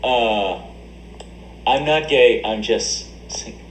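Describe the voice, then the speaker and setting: A man's voice: mid-range voice, very slow, reverberant, slight background noise, poor audio. A man livestreaming and reading chat aloud, joking crudely and laughing often into a desk mic. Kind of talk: casual stream banter. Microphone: desk USB mic.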